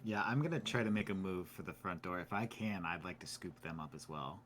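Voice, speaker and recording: Male player, mid pitch, relaxed joking; slight background hiss. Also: a little fast. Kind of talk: casual chat at a game table.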